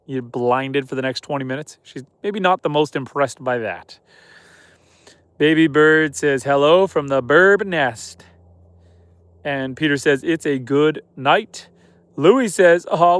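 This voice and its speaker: A homesteader from Canada chats on a livestream from his snowy yard after dark. He reads viewer comments aloud and answers them in an easy, relaxed way. His voice sits a little higher than most men's, and the sound is dry and close to the phone mic. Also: no room sound. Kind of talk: casual live stream chat. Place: outdoors at night on a snowy homestead.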